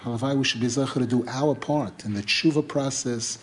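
This middle-aged Torah teacher has a medium-pitched voice and talks a little fast, over a slight hiss or hum. Retelling a folk tale as a religious lesson, he's animated, repeating himself and often starting phrases over.

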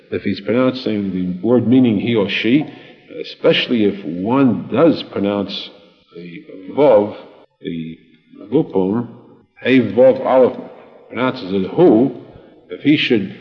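Guy teaching torah, repeats himself to drive points home, dull old recording, long echo. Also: medium pitch. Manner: deliberate, repeats phrases for emphasis, with Hebrew and Yiddish terms. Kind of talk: Torah lecture. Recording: dull lo-fi recording with long reverb and faint music.

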